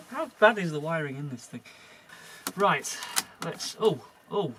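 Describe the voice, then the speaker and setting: A man's voice: a little high, lively intonation, slow pace, noisy background. Chatty man tinkering with a car. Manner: chatty, self-deprecating, muttering to himself as he works. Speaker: car restorer. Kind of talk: casual narration while working on a car.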